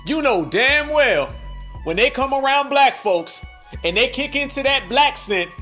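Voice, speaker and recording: Man, political commentator, high pitch, blunt profane ranting, faint music. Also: expressive, unhurried, pushed and bright. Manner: heated, mocking, blunt.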